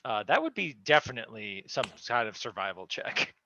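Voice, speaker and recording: A man's voice: mid-range voice, sing-song, brisk, bright, forceful tone, lo-fi sound, slight background noise. A man playing a tabletop game, playful and theatrical. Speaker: player. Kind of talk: tabletop role-play.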